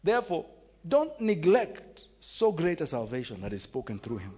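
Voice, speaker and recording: A man's voice: a little high, wildly swooping pitch, normal speed, mellow, breathy edge. A man preaching a sermon with emphatic, repetitive, exclamatory delivery. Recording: dull recording in a reverberant hall.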